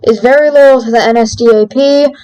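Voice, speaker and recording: A woman's voice: fairly high pitch, fairly even intonation, a little fast, dark tone, smooth, dry recording, poor audio. A woman hosting a let's play video, reading game text aloud and breaking off for jokey asides. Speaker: gaming video host.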